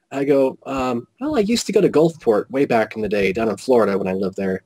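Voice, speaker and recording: A man telling a personal story as an interview guest, animated and quoting whole conversations with frequent restarts. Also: medium pitch, fairly quick, hardly any pauses, low-quality recording. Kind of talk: casual storytelling.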